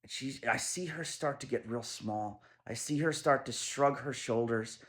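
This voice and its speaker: A man telling a personal story in a casual monologue, animated, dropping to low murmurs and then rising to loud emphasis. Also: normal speed.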